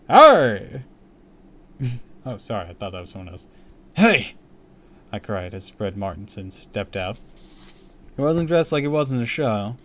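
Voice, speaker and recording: A man reading a spooky children's story aloud on a live stream, with an expressive, theatrical delivery. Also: mid-range voice, a little hiss or hum.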